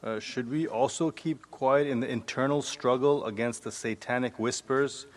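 A man's voice: medium pitch, normal speed. A man from the audience politely asking the teacher a hesitant question.

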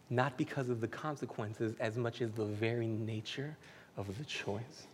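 A man preaching a casual, heartfelt sermon that moves between hushed whispers and loud, emphatic passages. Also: medium pitch, fairly even intonation, measured pace. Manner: casual, uses "man" and "y'all". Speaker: pastor. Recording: hall with faint background noise.

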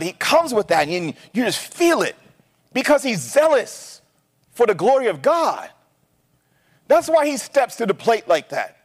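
A male pastor preaching a sermon in an animated, conversational way, often checking in with "right?". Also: high-pitched, big-room sound.

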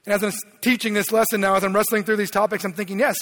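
A middle-aged man preaching a sermon as pastor, telling stories in an animated way that swings between loud and hushed. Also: high voice, racing. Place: church sanctuary. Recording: long reverb in a large hall.

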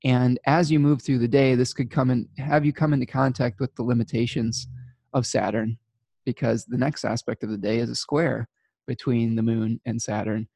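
A man's voice: medium pitch, steady tone, normal speed, vocal fry, mellow, no room sound. A man giving a weekly astrology forecast in a casual, rambling way, with frequent restarts, fillers and small laughs.

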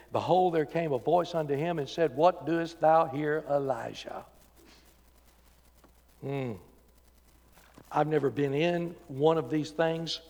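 A man preaching a sermon as pastor, swinging from loud emphatic calls to quiet, intimate talk. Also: on the high side. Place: church sanctuary. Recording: church sanctuary with long reverb.

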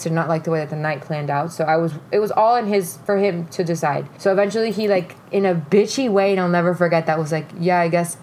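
A woman's voice: on the low side, slight background noise. Profane young woman telling a story. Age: young adult. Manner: candid, profane, animated retelling with quoted voices. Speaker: podcast host. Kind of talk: casual storytelling chat.

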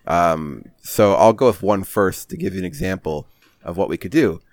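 A man's voice: low-pitched, very animated, normal speed, creaky, darkish tone, no room sound. A young man hosting a casual podcast, rambling through a comic story with swearing and many fillers. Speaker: podcast host. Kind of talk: casual chat.

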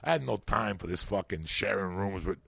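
A man's voice: sits low, brisk, creaky, breathy edge, no room sound. A man telling rambling, profane stories as a comedian guest on a podcast. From New York. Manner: animated, swearing, rambling.

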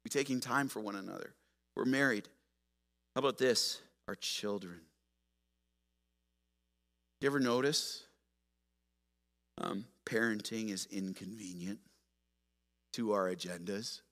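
A man preaching a sermon as pastor, moving from quiet storytelling to loud, emphatic exhortation. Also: fairly low pitch, unhurried, long pauses.

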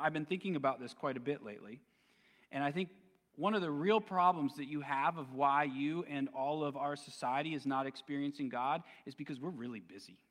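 A man's voice: a little high, fairly bright tone, big-room sound. A man preaching a sermon as pastor, conversational and casual, with plenty of slang. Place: church sanctuary.

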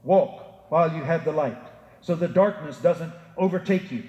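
A man preaching a sermon as pastor, emphatic, rising for quotations and dropping low to address the listeners directly. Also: moderate pace, dark tone, highs cut off. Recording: echoey hall with long reverb.

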